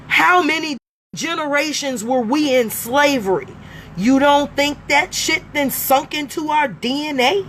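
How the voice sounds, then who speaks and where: A woman on a live stream, delivering a blunt, profane rant that swings from emphatic talk to shouting. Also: sits high, a little hiss or hum. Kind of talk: profane ranting monologue.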